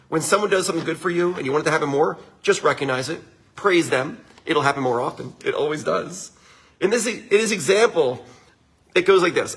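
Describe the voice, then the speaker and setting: A middle-aged winery owner hosts a livestream, giving viewers a casual motivational talk in an upbeat, chatty manner and often ending lines with a question. His voice is fairly high and fairly bright, with a breathy edge.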